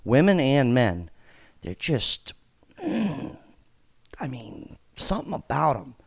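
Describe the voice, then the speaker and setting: A man's voice: mid-range voice, slow pace, gravelly, slightly rough, dry recording. A man hosting a podcast, reacting to clips with casual joking commentary and frequent laughter. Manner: joking, laughs often, animated. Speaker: podcast host.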